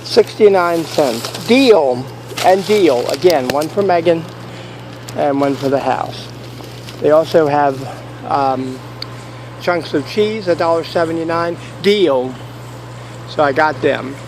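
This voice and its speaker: A man's voice: fairly high pitch, takes it slowly, long pauses, noisy background. A man vlogging from a store parking lot and then his car, telling a rambling, jokey story. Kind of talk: casual joking storytelling.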